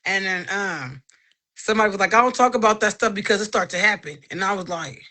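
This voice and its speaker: A woman in her thirties telling a personal faith story in casual talk, animated and acting out the voices of people she quotes. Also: mid-range voice, quick pace. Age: 30s.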